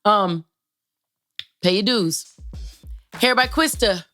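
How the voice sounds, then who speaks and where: A woman hosting her own show, chatting to listeners in a playful, rambling way with fillers and shout-outs. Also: mid-range voice, slow, faint music behind. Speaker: podcast host. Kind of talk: casual solo chat to listeners.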